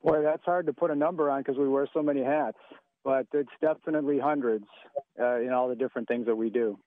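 A man's voice: mid-range voice, steady tone, fast talker, dry recording. A man being interviewed on a radio show as a guest, talking in an easygoing, conversational way. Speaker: guest, sports facility owner. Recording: phone-line guest audio.

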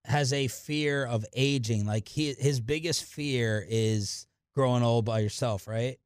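A male radio host chatting and needling his co-hosts, then briskly wrapping up the segment. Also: mid-range voice, clean tone, no room sound, studio quality. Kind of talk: casual studio chat and segment wrap-up. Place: radio studio.

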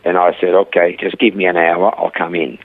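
Gravelly low-voiced man over a phone line. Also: a little fast. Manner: animated storyteller acting out dialogue. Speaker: rehab centre founder. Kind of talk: telling stories in a radio interview. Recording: tinny phone-line sound.

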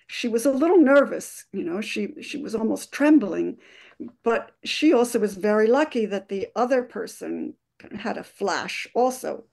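A woman neuroscientist guest explaining love at first sight on a radio call-in show in a measured way. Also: mid-range voice, lively intonation, vocal fry, a little mellow.

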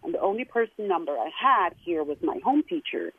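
A woman calling in and recounting her experience in an emotional, halting way. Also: on the low side, very animated, husky. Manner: tearful, halting. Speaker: caller. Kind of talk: emotional phone-in account. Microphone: telephone. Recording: tinny phone line.

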